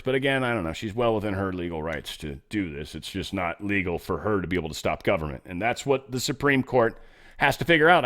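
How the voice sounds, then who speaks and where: Man, solo show host, middle pitch, casual news commentary, muttered asides, frequent restarts. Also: a bit bright.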